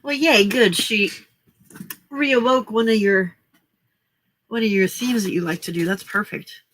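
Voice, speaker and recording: A woman's voice: medium pitch, unhurried, fairly bright tone, a little hiss or hum. A woman hosting a casual late-night crafting livestream, chatty and upbeat, greeting viewers by name. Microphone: desk microphone.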